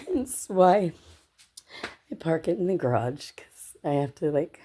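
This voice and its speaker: A woman's voice: low-pitched, animated, takes it slowly, long pauses, mellow. A woman vlogger telling a personal story casually to her viewers, chatty and swearing, often laughing and calling them "you guys.".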